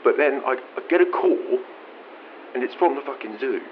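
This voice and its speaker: Young Australian caller, rambling and incredulous, swears a lot, dull lo-fi audio with faint noise. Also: male voice, medium pitch, expressive, moderate pace. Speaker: radio caller. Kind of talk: comic storytelling monologue.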